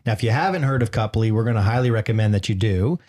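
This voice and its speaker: A man's voice: on the low side, animated, quick pace, a little mellow. A man co-hosting a podcast, in a jokey, rambling casual chat full of playful asides. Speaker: podcast co-host.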